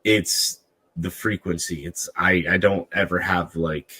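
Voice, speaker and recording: Deep-voiced man in casual podcast chat. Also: fairly even intonation, measured pace, sharp tone. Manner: rambling, teasing. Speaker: podcast co-host.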